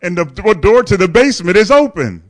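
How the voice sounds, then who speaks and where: High-voiced male pastor telling a funny story. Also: sing-song, fairly quick. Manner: candid, humorous storytelling with frequent chuckles; addresses the congregation directly. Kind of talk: storytelling sermon.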